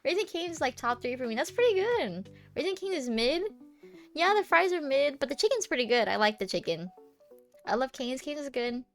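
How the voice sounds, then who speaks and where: A young woman with a high, bright-sounding voice, live-streaming and bantering casually with her chat. She is giggly and teasing, rambling through her thoughts with plenty of "like" and restarts. Soft music plays faintly underneath. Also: big pitch swings, fairly quick. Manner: playful, giggly, teasing, rambling with many fillers.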